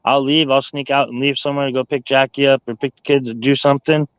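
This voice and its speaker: A man's voice: mid-range voice, little pitch movement, quick pace, fairly bright tone, clear, resonant tone, no echo. Rambling man on a dull, dry recording. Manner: rambling, peppered with "you know". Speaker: dog owner in conversation. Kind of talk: casual chat.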